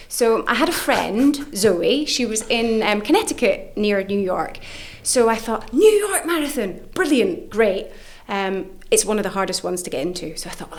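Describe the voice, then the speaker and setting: A middle-aged woman, an author and coach, chatting in a podcast interview. She tells her stories with real animation, acting out the other people in them. Her pitch swings high for the quoted lines. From United Kingdom. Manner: animated, acts out quoted voices with big pitch jumps. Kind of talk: lively storytelling in an interview.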